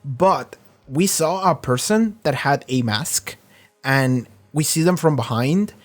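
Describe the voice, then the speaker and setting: A man's voice: on the high side, takes it slowly. Rambling, foul-mouthed man reviewing a show. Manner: rambling, profane, excitable. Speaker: reaction video host. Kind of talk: casual reaction and review chat.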